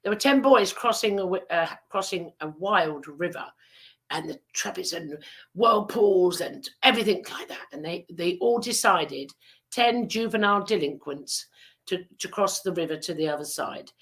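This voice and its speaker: A woman's voice: lowish voice, animated, normal speed, a bit bright. A woman hosting a podcast, chatting and telling a story in a rambling, teasing way with many fillers. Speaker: podcast host. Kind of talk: casual chat and storytelling.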